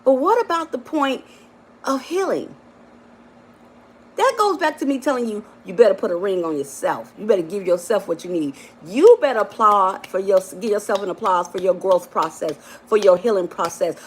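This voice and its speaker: A woman life coach giving a motivational live-stream talk, affectionate and emphatic, often repeating herself and calling her listeners baby and honey. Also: slightly rough. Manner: emphatic and repetitive, rising to high exclamations.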